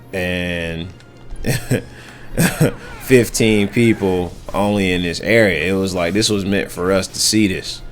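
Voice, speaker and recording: Give me a deep-voiced young man hosting a podcast, reflective and halting as he tells a story. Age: young adult. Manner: reflective, halting with many restarts. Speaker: podcast host. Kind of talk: casual storytelling monologue.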